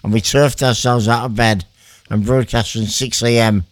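A man's voice: mid-range voice, steady tone, normal speed, dry recording. A middle-aged man, presenting on the radio in a rambling, amused, chatty way. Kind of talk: casual radio chat between songs. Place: radio studio.

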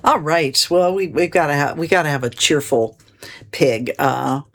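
A woman host casually introducing the next segment, halting with fillers and restarts. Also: low-pitched.

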